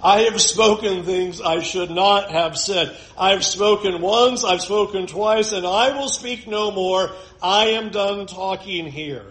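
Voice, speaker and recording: A man's voice: sits high, slow, hardly any pauses, a bit bright, reverberant, poor audio. A man preaching a sermon in a conversational way, with joking asides. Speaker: pastor.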